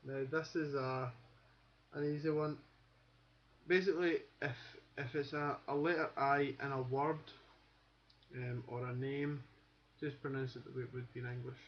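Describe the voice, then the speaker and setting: Glasgow man teaching in a flat, rambling voice over a dull, lo-fi webcam mic. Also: mid-range voice, normal speed. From Scotland. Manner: rambling, many fillers and restarts. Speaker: accent teacher. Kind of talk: casual webcam lesson.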